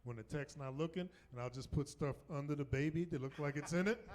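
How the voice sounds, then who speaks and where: A middle-aged man from the South, performing a stand-up comedy set on a club stage and jumping into high mocking voices for the people he quotes. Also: fairly quick, a little mellow. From Southern United States.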